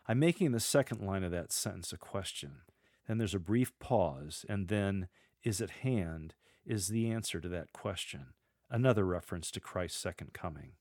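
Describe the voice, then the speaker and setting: Man, middle-aged, lector coach, low voice, dry close sound, measured, deliberate pauses. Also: animated, darkish tone, no room sound. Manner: measured, demonstrates readings aloud with deliberate pauses. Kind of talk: instructional podcast on scripture reading.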